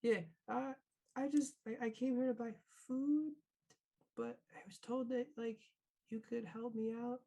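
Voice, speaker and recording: A man's voice: very high-pitched, level tone, a little slow, gravelly, dark tone, pitched above the performer's own voice, heavily acted. A man voicing a timid, nervous young woman who stammers and hesitates.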